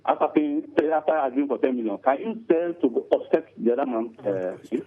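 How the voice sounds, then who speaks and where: A man calling in to a talk show, speaking hesitantly with many pauses. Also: medium pitch, lively intonation, slight background noise. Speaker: phone-in caller. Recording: tinny phone line.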